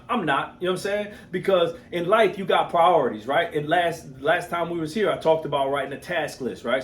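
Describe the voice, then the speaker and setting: Fast-talking upbeat motivational man. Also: fairly high pitch. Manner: energetic, keeps asking "you know what I'm saying?". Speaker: motivational host. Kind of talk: casual motivational monologue.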